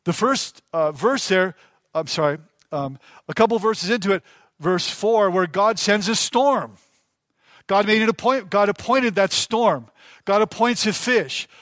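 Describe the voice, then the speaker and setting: A man's voice: high-pitched, measured pace, fairly bright tone, no echo. A man preaching a sermon as pastor, emphatic and direct with the congregation, repeating his key phrases.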